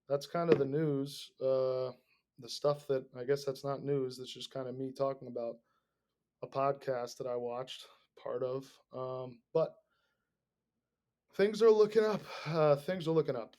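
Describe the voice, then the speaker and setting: A young man hosting a podcast, rambling in casual, profanity-laden talk that swings between mumbled asides and loud bursts. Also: medium pitch. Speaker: podcast host.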